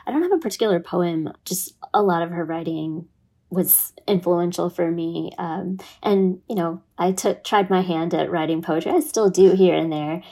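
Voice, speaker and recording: A woman from Chicago speaking as a podcast guest in a thoughtful, soft-spoken way. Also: on the low side, normal speed. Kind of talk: casual podcast chat.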